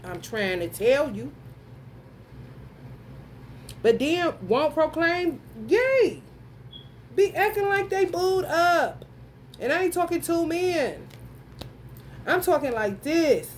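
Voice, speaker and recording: Her voice is high and sing-song, with slight background noise, as this tarot reader moves slowly and deliberately through a casual astrology reading. She speaks straight to her viewers, bluntly and profanely, with emphatic exclamations and frequent laughter.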